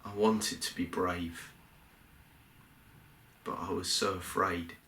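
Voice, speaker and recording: A man's voice: deep voice, steady tone, reverberant, a little hiss or hum, heavily acted. A man playing Peter, a remorseful fisherman. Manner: earnest, halting storytelling with quiet, heavy pauses. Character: remorseful male fisherman disciple, fearful and ashamed. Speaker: actor in a dramatic monologue. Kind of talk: first-person dramatic church monologue. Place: church.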